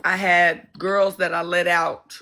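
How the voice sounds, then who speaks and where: A woman's voice: on the low side, level tone, slow, bright, forceful tone, a little hiss or hum, poor audio. A woman coach, telling a personal story in casual conversation with fillers. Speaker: coach and guest.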